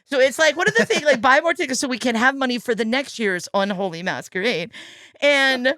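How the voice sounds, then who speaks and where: A woman hosting a casual podcast chat about a film, telling scenes in an animated way and acting out the quotes. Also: high-pitched, a little fast, no echo. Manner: animated storytelling, acts out quotes. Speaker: podcast host. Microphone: podcast microphone.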